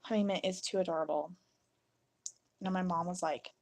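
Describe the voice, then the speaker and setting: A woman in her thirties chatting casually through a home craft vlog, telling playful stories with bursts of giggles and sudden high squeals. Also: fairly quick. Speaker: craft vlogger.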